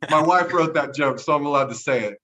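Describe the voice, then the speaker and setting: A young man from Texas doing a stand-up set over a livestream, delivering deadpan one-liners and chuckling at his own jokes. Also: fairly high pitch, fast talker, dull audio. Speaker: stand-up comedian. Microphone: livestream mic.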